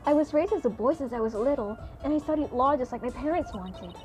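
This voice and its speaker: A woman voicing a young female lawyer raised as a boy, reading her game lines in a lower, measured tone. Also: expressive, darkish tone, faint music behind. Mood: composed.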